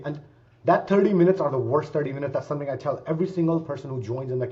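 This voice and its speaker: A male guest on a podcast, answering in a lively conversational way and acting out quoted voices. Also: a little high, very fast. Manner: animated, acts out quoted voices. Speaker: guest sales leader. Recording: dull lo-fi recording.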